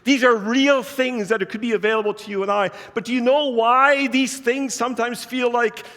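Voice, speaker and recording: A man's voice: very high voice, fairly even intonation, moderate pace, a bit bright, in a large hall. A man preaching a sermon as pastor, telling a personal story in a conversational, earnest way.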